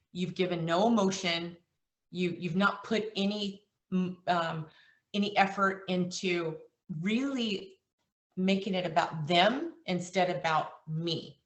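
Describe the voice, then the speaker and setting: A woman's voice: fairly low pitch, distant mic. A woman coaching sales agents in an earnest, emotional way, retelling client calls. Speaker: insurance agency trainer. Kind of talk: motivational sales training talk. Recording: echoey room, voice from off-mic.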